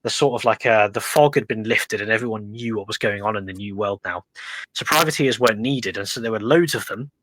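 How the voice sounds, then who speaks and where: A man's voice: on the low side, a little fast, a bit bright, no room sound, low-quality recording. An English man chatting casually about history on a podcast, rambling along with lots of ums and restarts. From England. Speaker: podcast guest.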